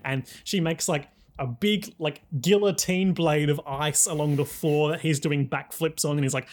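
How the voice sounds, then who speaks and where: A man's voice: on the high side, fairly even intonation, normal speed, hardly any pauses. A man co-hosting a casual podcast, recapping an episode in a rambling way with lots of fillers. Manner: rambling, explains with many fillers. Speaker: podcast co-host.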